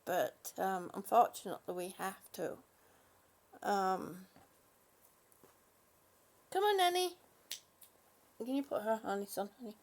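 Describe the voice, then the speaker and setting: A woman talking casually to her small dog as she dresses it, coaxing and affectionate, often quiet and laughing. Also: mid-range voice, lively intonation, slow, long pauses. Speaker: vlogger.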